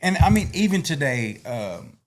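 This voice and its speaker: A man's voice: fairly high pitch, sing-song, normal speed. A man chatting as a podcast guest, laid-back and laughing often, swearing and acting out other people's voices in his stories. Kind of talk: casual storytelling chat.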